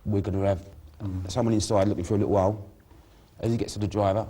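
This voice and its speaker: A man's voice: on the low side, flat delivery, fast talker, dark tone, slightly rough. A man laying out a plan in casual chat, acting out what each person will say. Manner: acts out the lines of people in his plan. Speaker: gang member laying out a plan.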